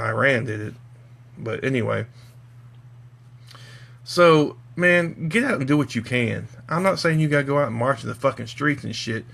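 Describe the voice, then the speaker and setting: A man's voice: medium pitch, vocal fry, a bit bright. A slightly drunk man ranting on a live stream, heated, profane and rambling. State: a little drunk. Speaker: vlogger.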